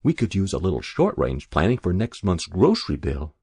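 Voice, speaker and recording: Man voicing a fussy storybook housewife, pinched, proud, shrill, gravelly underneath. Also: huge pitch swings, brisk, warm tone, dry recording, studio quality, exaggerated voice. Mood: complaining. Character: fussy housewife Alma, woman, thin and shrill.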